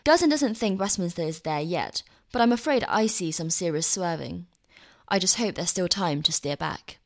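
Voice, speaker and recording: A woman reading her own opinion column aloud with a wry, lively delivery. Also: lowish voice, moderate pace, creaky.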